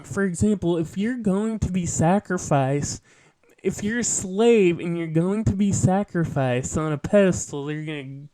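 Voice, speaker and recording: Male host, high voice, slow and deliberate, earnest lecturing monologue on a show. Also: dark tone, no echo. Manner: earnest, lecturing, with asides and self-corrections. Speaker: podcast host. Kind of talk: political commentary monologue.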